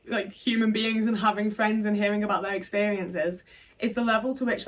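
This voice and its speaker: Heard a little distant from the mic, a woman speaks with frank, emotional candour, peppering her vlog story with fillers and the odd swear word. Her pitch sits mid-range for a woman. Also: moderate pace. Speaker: vlogger. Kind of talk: candid personal vlog.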